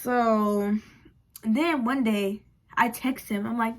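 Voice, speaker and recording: Young woman spilling a storytime, slangy and frank, kinda high voice. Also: slow. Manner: animated, slangy, frank and profane. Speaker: vlogger. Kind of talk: casual storytime vlog.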